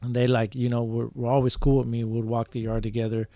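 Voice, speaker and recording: A man's voice: mid-range voice, flat delivery, fast, dark tone, dry recording. A man telling a long story in casual podcast talk, rambling with lots of fillers and swearing. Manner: rambling, many fillers and profanity. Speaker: podcast guest.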